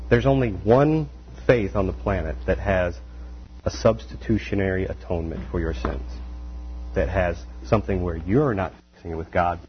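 Animated male preacher, lo-fi hum. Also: lowish voice. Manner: animated, acts out quoted voices, rhetorical questions. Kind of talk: conversational sermon. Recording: dull lo-fi sound with faint mains hum.

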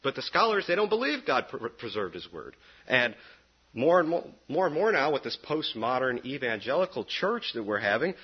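A man preaching a sermon in an animated, sarcastic way, with sudden jumps up in pitch. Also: breathy edge, dull audio.

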